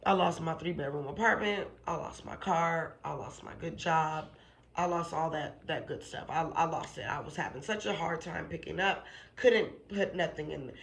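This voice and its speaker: Her deep, creaky voice moves at a moderate pace as this channel host tells her own faith testimony in a relaxed, forceful way. She repeats lines to drive them home and keeps asking "okay?" and "you know what I'm saying?"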